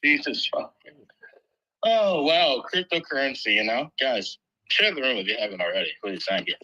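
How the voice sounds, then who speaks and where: A man's voice: medium pitch, big pitch swings, moderate pace, bright, forceful tone. A man hosting a casual crypto chat, laid-back and teasing his guests. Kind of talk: casual live audio chat. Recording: dull, lo-fi audio.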